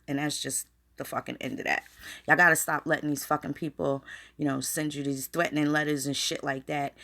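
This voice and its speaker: Gravelly-voiced woman ranting bluntly. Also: medium pitch, a bit bright. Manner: addresses viewers directly. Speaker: vlogger. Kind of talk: casual live-stream rant.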